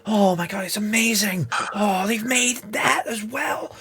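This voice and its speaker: Man putting on a squealing excited shopper, very high, breathless, gasping delight. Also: measured pace, exaggerated voice. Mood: amazed. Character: gushing excited shopper in a busy fantasy market.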